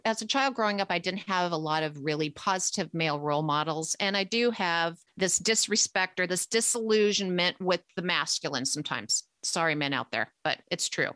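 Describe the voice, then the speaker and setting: Brief: an animated woman recounting a personal story, lowish and bright, close and dry. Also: brisk, few pauses, dry recording.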